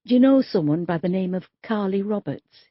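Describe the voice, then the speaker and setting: A woman voicing a calm, careful female police detective who asks measured questions, in an audiobook. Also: medium pitch, dry recording, muffled recording, lightly acted. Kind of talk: audiobook character voice.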